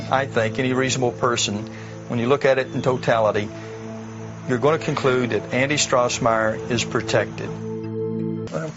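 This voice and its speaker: Measured man in a documentary interview. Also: medium pitch, lo-fi sound. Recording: documentary clip with music underneath.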